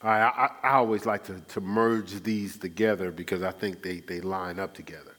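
A man's voice: deep voice, fairly even intonation, brisk, a bit bright. Male pastor preaching in call-and-response. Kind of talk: sermon. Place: church.

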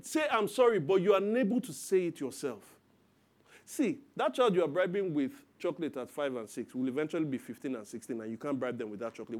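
A man in his thirties preaching a sermon as pastor, lively and acting out parents and children in quoted voices. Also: fairly high pitch.

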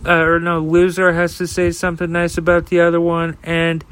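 A man's voice: fairly high pitch, monotone, moderate pace, a bit bright, smooth, low-quality recording. A man hosting a podcast alone, ranting in a heated, profane way, with fillers and repeated starts. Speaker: podcast host. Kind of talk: casual solo rant.

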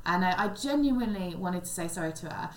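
A woman's voice: fairly low pitch, animated, fairly quick. A young woman and comedian, chatting on a podcast and telling a long story in a rambling way, with many restarts. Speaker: podcast co-host and stand-up comedian. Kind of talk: casual chat, storytelling. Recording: echoey room, faint background noise.

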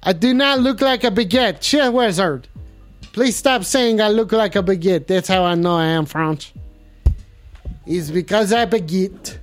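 A man's voice: high-pitched, unhurried, soft background music. A man hosting a live call-in show in a clumsy put-on French accent, playful and rambling.

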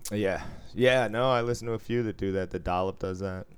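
A man in his forties co-hosting a podcast, an animated storyteller who swears freely and laughs often. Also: lowish voice, a little fast, clean tone. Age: 40s. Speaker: podcast co-host. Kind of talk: casual podcast banter.

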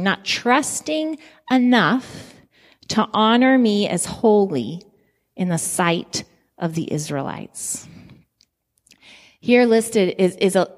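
A woman giving a measured Bible lesson, explaining the text and answering her own questions as she goes. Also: mid-range voice, in a large hall. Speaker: Bible teacher.

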